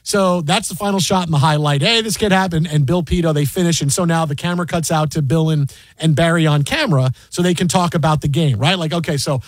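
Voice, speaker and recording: A man hosting a sports radio show, telling a story in a rambling, animated way with many fillers and restarts, in a studio. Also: fairly high pitch, quick pace, no room sound. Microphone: studio mic.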